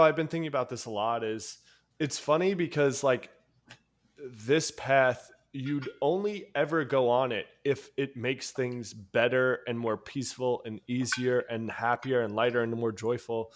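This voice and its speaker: A man's voice: mid-range voice, measured pace. A man from New York with a New York accent, co-hosting a casual podcast chat and telling a long story in a rambling way, with casual swearing and frequent laughs. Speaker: podcast co-host.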